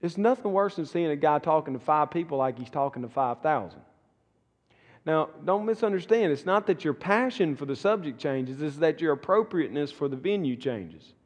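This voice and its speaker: A man's voice: on the high side, lively intonation, normal speed. A middle-aged man with a Southern US accent, a pastor teaching a church class in a folksy, earnest way that repeats words and restarts. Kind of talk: conversational teaching talk. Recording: long reverberant room echo.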